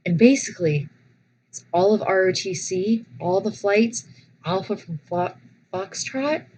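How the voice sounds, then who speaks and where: A young woman vlogger casually telling personal stories, animated and dramatic, often restarting her sentences. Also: medium pitch, a little slow, slight background noise, poor audio.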